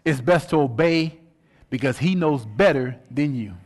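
A man's voice: mid-range voice, measured pace. A middle-aged man preaching a sermon, telling stories and asking rhetorical questions. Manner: animated storytelling, rhetorical questions. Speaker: pastor.

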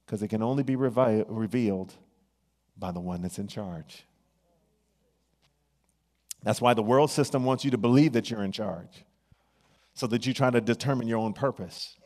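Male preacher, mid-range voice, hushed-to-loud sermon delivery, reverberant sanctuary sound. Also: mid-range voice. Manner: builds from hushed, drawn-out phrases to loud excited bursts. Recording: long hall reverb.

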